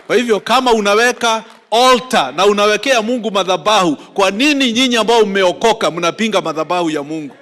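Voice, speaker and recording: A man preaching forcefully, mixing Swahili and English. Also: high voice, fast talker, few pauses. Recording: long hall reverb.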